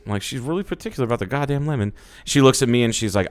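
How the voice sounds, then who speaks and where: A man's voice: mid-range voice, expressive, fast talker. A man co-hosting a podcast, casually telling a dating story, acting out quoted lines and laughing often. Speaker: podcast co-host.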